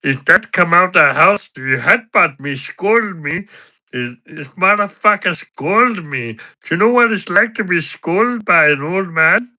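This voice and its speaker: A man doing a comic impression of an excitable, swearing man ranting about being scolded, stammering as he goes. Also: high voice, measured pace, voice pushed up, full character voice, low-quality recording. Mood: indignant.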